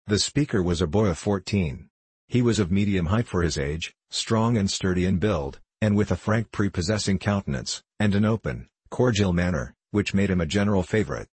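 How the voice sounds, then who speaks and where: Deep husky man, steady storybook narration, dry close sound. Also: moderate pace, dry recording. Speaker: audiobook narrator. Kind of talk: scripted narration.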